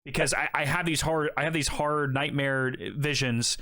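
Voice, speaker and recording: A man's voice: fairly high pitch, moderate pace. A man on a casual podcast, telling a story with lots of swearing and acting out both sides of the dialogue. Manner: animated, profane, acts out both sides of dialogue. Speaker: podcast co-host.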